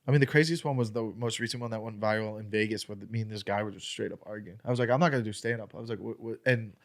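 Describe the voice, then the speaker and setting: A man who is a comedian, telling a story as a podcast guest in an animated, profane way and acting out an argument. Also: lowish voice, very fast.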